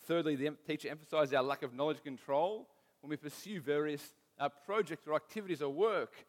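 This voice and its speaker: A man's voice: on the high side, fairly quick, in a large hall. A man, preaching a casual sermon with stories from home, often restarting his sentences. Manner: conversational, self-deprecating, restarts often.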